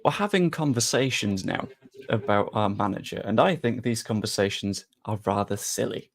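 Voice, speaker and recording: A man's voice: lowish voice, moderate pace, vocal fry. A young British man hosting a live stream, chatting casually and rambling with self-deprecating humour. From United Kingdom. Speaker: streamer and host.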